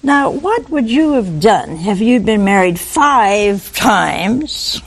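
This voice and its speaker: A woman preaching a sermon, animated and full of rhetorical questions to her listeners. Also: medium pitch, slow.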